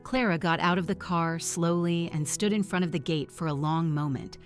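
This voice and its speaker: A middle-aged woman narrating a first-person family story in an earnest, measured way. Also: fairly low pitch, steady tone, soft background music.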